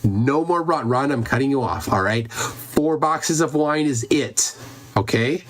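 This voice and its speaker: A man's voice: mid-range voice, a little slow. A man hosting a casual livestream, telling stories in a rambling, self-interrupting way. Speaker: livestream host. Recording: faint background noise and clicks.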